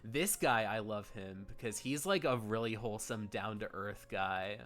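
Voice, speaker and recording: A man's voice: on the low side, unhurried, a bit bright, faint music behind. A man streaming a game and chatting casually, rambling and gushing with frequent giggles. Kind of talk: casual gameplay commentary.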